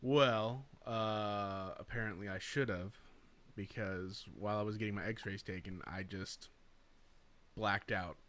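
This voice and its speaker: A man's voice: on the low side, fairly even intonation, measured pace, a bit bright. A young man co-hosting a podcast, telling a story in a casual, profane way and acting out the voices of other people. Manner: profane, laid-back storyteller acting out quotes. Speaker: podcast co-host.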